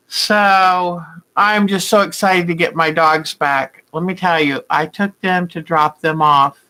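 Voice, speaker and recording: A woman's voice: deep voice, rough recording. An older woman hosting a quilting video, chatting casually with viewers and greeting them by name. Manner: chatty and warm-hearted, greets viewers by name, rambling asides. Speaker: quilting vlog host. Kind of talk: casual live chat with viewers.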